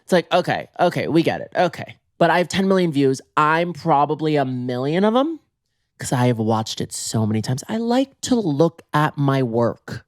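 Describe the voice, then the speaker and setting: Dramatic podcast guy riffing from bed, a bit hoarse, voice leaping up and down, dead dry sound. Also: sing-song, normal speed, no room sound. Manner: theatrical, swings pitch wildly for emphasis. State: slightly hoarse from illness. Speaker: podcast host. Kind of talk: comic monologue. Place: in bed at home.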